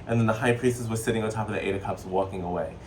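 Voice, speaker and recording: A man giving a casual spiritual tarot reading, chatty and excitable, with a playful, sassy way of talking. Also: lowish voice, rapid-fire, distant mic, a little hiss or hum. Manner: playful, sassy, slips into joking accents. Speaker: tarot reader.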